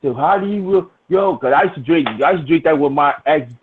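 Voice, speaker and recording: Man, middle-aged, casual chat, rambling profane storyteller, high voice, lo-fi phone-like audio. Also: fast talker, slight background noise. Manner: rowdy, profane storytelling with many restarts. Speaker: storyteller in a hangout. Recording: tinny, phone-like lo-fi sound.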